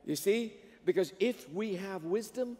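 High-voiced pastor preaching in a reverberant hall. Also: male voice, unhurried. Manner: animated preaching with call-and-response prompts to the congregation. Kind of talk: sermon. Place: large church sanctuary. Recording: long reverb of a church hall.

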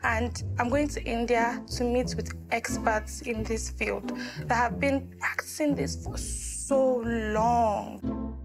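A woman's voice: a little high, steady tone, slow, gravelly, music in the background. An actress playing a young woman influencer applying for a visa, polite but exasperated. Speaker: visa applicant.

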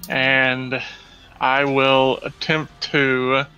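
A man taking his turn in a tabletop game, slow and tentative. His voice is bright but flat in pitch, with faint music behind. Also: smooth, highs cut off. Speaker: player. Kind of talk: casual tabletop play.

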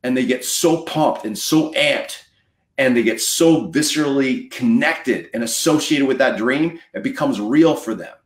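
A man's voice: mid-range voice, measured pace, echoey room. A man giving a motivational talk as a coach, emphatic and preachy, repeating lines for effect. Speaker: mortgage marketing coach.

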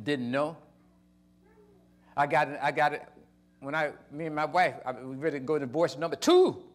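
An older male pastor preaching with a fairly high voice. He swings from quiet storytelling into loud, emphatic bursts, and his phrasing stays casual and folksy. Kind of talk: sermon.

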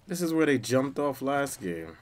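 A man's voice: medium pitch, big pitch swings, normal speed, a little mellow. A man hosting a gaming channel, commenting on gameplay in casual slang with a playful tone. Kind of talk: let's play commentary.

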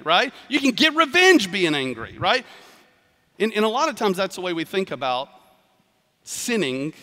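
Man, pastor, sermon, chatty and animated, bright tense voice, echoing church hall. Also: sits high. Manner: conversational, animated preaching with asides and quoted voices. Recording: reverberant hall.

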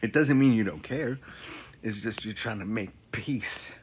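A male comedian doing a profane stand-up rant, repeating lines and swinging from loud outbursts to low mutters. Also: measured pace, slight background noise.

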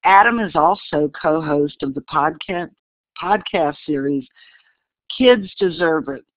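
A hoarse woman from New Orleans with a scratchy voice, reading out guest introductions as a webinar co-host. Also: sits low, unhurried, no room sound. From New Orleans, Louisiana. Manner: reads a long list of awards. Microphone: online webinar call audio. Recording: tinny phone-like webinar audio, dry.

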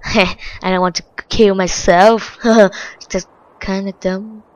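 A woman with a Vietnamese accent narrating her own gameplay at an unhurried, drawn-out pace. Her English phrasing is simple and non-native, and her voice sits at a middle pitch when she mutters to herself. When she is scared she jumps to high, excited shrieks. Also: poor audio. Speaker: gaming channel host. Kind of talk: let's-play game commentary.

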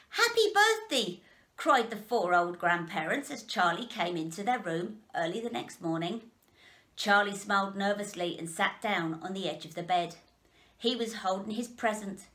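Gentle woman storyteller reading a children's chapter book. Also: mid-range voice.

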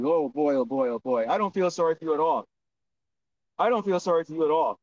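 A man preaching on the street in a loud, profane, scolding manner. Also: a little high, lively intonation, a little fast. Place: outdoors, windy street corner. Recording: distant lo-fi outdoor recording.

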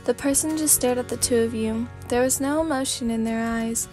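A woman narrating a fanfic as a sleepy ASMR reading, in a calm, steady storybook manner. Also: a little high, normal speed, faint music behind.

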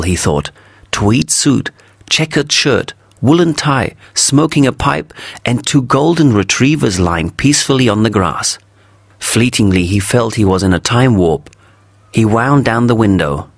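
Male narrator for a graded story reading, low voice, dry close sound. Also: lively intonation, a little slow, no room sound. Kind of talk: story reading for English learners.

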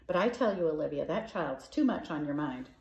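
A bossy middle-aged lady talks briskly and pushes her view, voiced by a woman reading a storybook. The voice is mellow and heard in an echoey room. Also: low voice, expressive, slight background noise.

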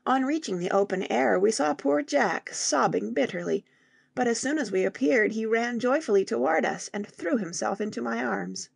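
A woman in scripted audiobook narration, reading in a measured way and voicing the characters. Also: fairly high pitch, lively intonation, vocal fry, breathy edge, no echo, studio quality.

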